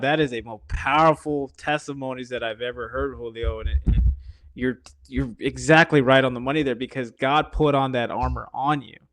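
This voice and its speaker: A man's voice: medium pitch, no echo. Enthusiastic male podcast host. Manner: enthusiastic, addresses the audience. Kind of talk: podcast interview.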